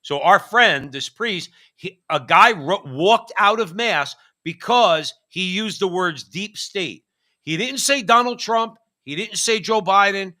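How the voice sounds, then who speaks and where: An American man co-hosts a political commentary talk show, ranting emphatically and restarting often. His voice sits high and sounds sharp and expressive, and he speaks slowly.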